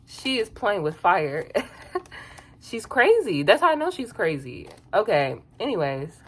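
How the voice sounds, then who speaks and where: A woman giving a casual, sassy recap of a reality show, chatty and quick to laugh. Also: medium pitch, big pitch swings, a little hiss or hum. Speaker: reality TV reviewer.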